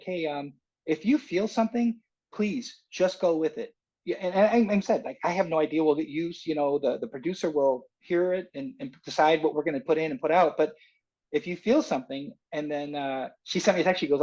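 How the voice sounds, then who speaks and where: A man, a singer-songwriter guest, telling a long story in a casual interview, rambling and animated with many restarts. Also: on the high side, highs cut off.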